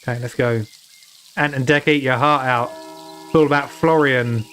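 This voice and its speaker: A British man live-streams a game with casual commentary, reading the game text aloud, joking at his own expense, and laughing often. His mid-range voice is steady, fairly bright, and moderately paced, with a little hiss or hum.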